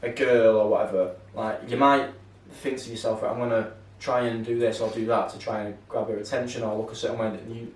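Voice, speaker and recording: A man's voice: medium pitch, flat delivery, a little fast, darkish tone. A man, co-hosting a podcast and telling a long story in a rambling, sweary way, tagging lines with "yeah". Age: 20s. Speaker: podcast co-host. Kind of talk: casual chat, storytelling. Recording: roomy, mic set far off.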